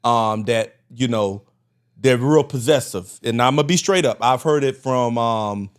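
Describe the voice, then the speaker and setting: A man co-hosts a casual podcast. He speaks at a middle pitch and guides the discussion in a measured, steady way. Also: clean tone. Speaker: podcast co-host. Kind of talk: casual conversation.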